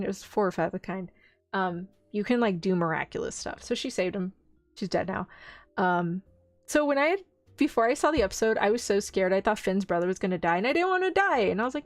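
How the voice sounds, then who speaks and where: A woman streamer in casual chat, rambling excitedly through an anime plot and acting out the characters' lines. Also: mid-range voice, no room sound. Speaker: vtuber streamer.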